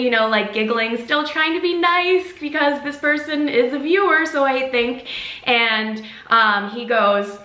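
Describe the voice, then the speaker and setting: A woman's voice: on the high side, unhurried, sharp tone. A young woman vlogger telling a story in a chatty way, full of "like" and "um". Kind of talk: storytime vlog. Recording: roomy echo.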